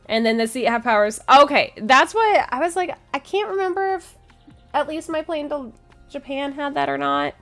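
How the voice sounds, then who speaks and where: A woman's voice: high voice, animated, normal speed, fairly bright tone, soft background music. A woman streaming a game, chatting casually with her viewers, giggling often and restarting her sentences. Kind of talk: casual chat with chat.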